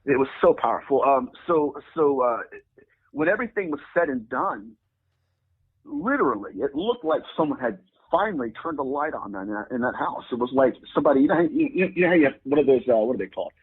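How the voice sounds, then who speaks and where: A man telling a story as an interview guest, acting out the people in it with sudden jumps in pitch. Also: lively intonation, fast, husky. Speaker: guest demonologist. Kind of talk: animated storytelling. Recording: phone-like lo-fi audio.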